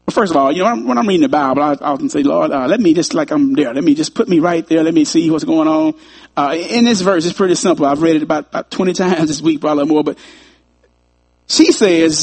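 A man's voice: on the high side, brisk, darkish tone, husky. A man preaching a sermon in a conversational way, chuckling often and repeating his phrases.

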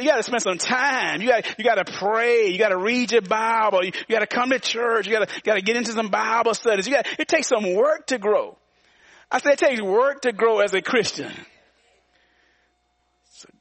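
A man of about sixty preaches with a high-pitched voice, repeating his points and calling on the congregation to respond. The sound is close and dry, with little room echo. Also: a bit bright. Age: around 60. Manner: repetitive call-and-response preaching with frequent laughs. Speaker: pastor. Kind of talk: sermon.

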